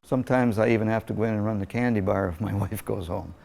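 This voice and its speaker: A man's voice: on the low side, fast talker, creaky, darkish tone, a little hiss or hum. A middle-aged man who owns a small-town movie theater, talking plainly and folksily in an interview. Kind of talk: casual interview.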